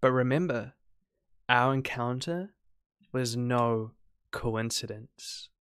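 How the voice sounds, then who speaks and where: A man reading out the lines of an obsessive young village woman from a farming game, in a put-on voice that is soft and syrupy but can turn low and menacing. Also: slow, clear, resonant tone, no echo, clean studio sound. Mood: ominous. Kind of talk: reading game dialogue aloud in character.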